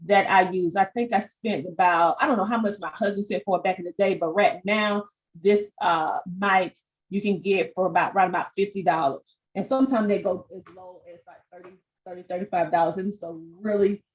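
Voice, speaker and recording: A woman with a strong Southern country twang speaks at a medium pitch, coaching her audience over a live webinar. She talks warmly and directly, often tossing in "okay?" to check on her listeners. The audio sounds a little dull, like a home desk mic on an online call. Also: moderate pace. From Southern United States. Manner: animated, peppers talk with "okay?". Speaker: podcast coach. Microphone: desk microphone.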